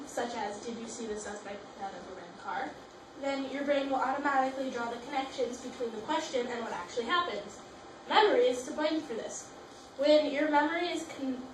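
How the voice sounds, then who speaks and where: High-voiced young woman presenting from notes. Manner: reads notes with restarts on long words. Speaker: student presenter. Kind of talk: school project presentation. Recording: roomy, from a distance, faint hiss.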